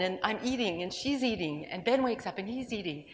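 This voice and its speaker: A woman's voice: mid-range voice, expressive, quick pace, few pauses, long reverb tail. A woman speaking to a gathering, telling a personal story in a conversational, sermon-like way with asides and restarts. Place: large room with an audience.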